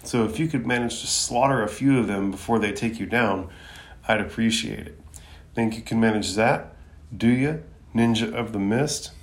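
A man voicing a scheming, greedy male crime boss from an anime, reading his lines in a slow, mocking way. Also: lowish voice, natural voice. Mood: gloating.

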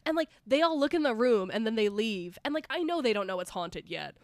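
Lively woman podcast co-host, high voice. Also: a little fast, no room sound, studio quality. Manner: animated, swears freely, acts out movie characters in bursts. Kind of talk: casual chat.

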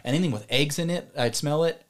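Fast-talking rambling man telling a story. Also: fairly high pitch. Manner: rambling, digressive, swears and laughs while telling a story. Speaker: podcast co-host. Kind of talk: casual storytelling chat.

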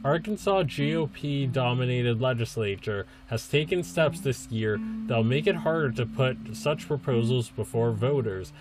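A man's voice: medium pitch, a little slow, few pauses, loud music behind the voice. A man hosting a podcast, talking casually and rambling with frequent ums and restarts. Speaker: podcast host.

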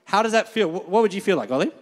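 Pastor, man, high voice, chatty sermon, long hall reverb. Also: racing. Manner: conversational, asks the crowd for amens; animated, laughs often. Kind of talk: sermon with a volunteer on stage.

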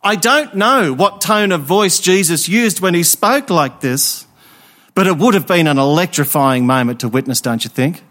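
A man delivers an Easter Sunday sermon in a high, bright-toned voice. He preaches emphatically, leaning on pauses and rhetorical questions to draw in his listeners. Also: expressive.

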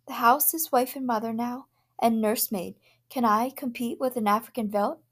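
A woman's voice: fairly even intonation, moderate pace, lightly acted. A fretful, frightened housewife from a storybook reading, her voice lifted and pleading, as a woman reader puts her on. She sounds tense and strained. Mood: anxious. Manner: tense, pleading, higher than her narration. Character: anxious fearful housewife.

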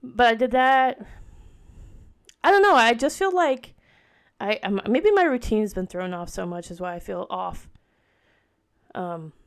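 A woman in her thirties chatting casually on her own podcast, rambling and restarting, with lots of filler words. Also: high voice. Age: 30s. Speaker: podcast host. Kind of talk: casual solo podcast chat.

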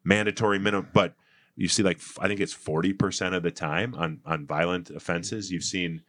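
A man's voice: deep voice, fairly even intonation, a little fast, fairly bright tone, no echo. A middle-aged man talking earnestly as a podcast guest, rambling with fillers and restarts. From United States. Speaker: political candidate and guest. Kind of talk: casual podcast conversation.

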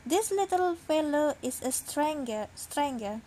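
Woman doing cheerful mom and dad dogs, storybook voice, highish and slow. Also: animated, mellow, a little hiss or hum. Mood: amused. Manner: cheerful, amused. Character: pair of cheerful parent dogs.

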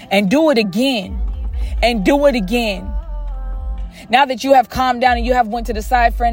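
A woman speaks, pressing her points through repetition and speaking straight to the listener as a friend. Her voice sits a little high, and soft music plays faintly behind her motivational talk. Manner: emphatic, repeats phrases, addresses listener as friend. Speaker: podcast host. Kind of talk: motivational monologue.

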